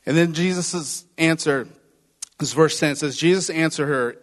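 Male pastor, conversational sermon delivery with acted asides, voice sitting a touch high, long hall reverb. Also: unhurried.

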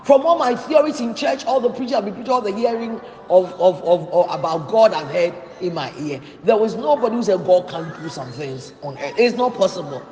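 A man's voice: high-pitched, lively intonation, fairly quick, hardly any pauses, darkish tone, soft background music. A man preaching a sermon in a church hall, emphatic and repeating key phrases for stress. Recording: echoey hall with long reverb.

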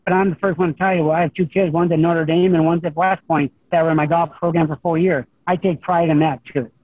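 A middle-aged man, a high school golf coach, talking over the phone in a rambling, humble way with many restarts. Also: fairly even intonation, fast talker, no room sound. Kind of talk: phone interview guest. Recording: tinny phone line.

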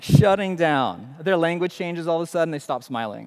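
A male pastor delivers a lively, conversational sermon, tossing questions out to his listeners. His voice sits a touch high for a man. The sound rings with long reverb from a large church hall. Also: fairly quick. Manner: animated, conversational preaching with rhetorical questions.

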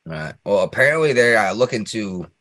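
A man's voice: fairly low pitch, expressive, normal speed, a bit bright, dry recording, studio quality. A man hosting a podcast in casual chat, rambling, laughing often and ranting with strong opinions. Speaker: podcast host.

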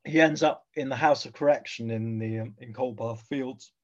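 Man, mid-pitched voice, slightly dull lo-fi sound, thoughtful interview guest, hesitant. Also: moderate pace. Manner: thoughtful, hesitant, with frequent fillers. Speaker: guest historian. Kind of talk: conversational interview.

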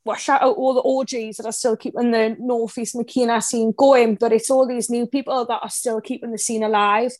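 A young woman from the North East of England with a broad Geordie accent talks in a high, bright register. She rambles eagerly through casual podcast chat, packed with local slang. The sound is close and dry, with no room around it. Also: level tone, a little fast, few pauses, no room sound. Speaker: guest.

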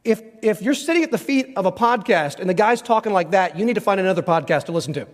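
High-voiced preacher in an echoing hall. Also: male voice, lively intonation. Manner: emphatic, conversational, slows down when reading scripture. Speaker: pastor. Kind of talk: sermon. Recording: reverberant hall.

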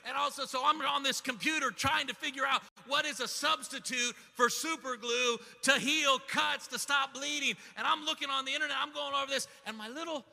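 A middle-aged man preaching a sermon, telling a story with lots of excitement and stumbling repeats as he starts sentences. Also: extremely high pitch, brisk, vocal fry. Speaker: pastor. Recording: long hall reverb.

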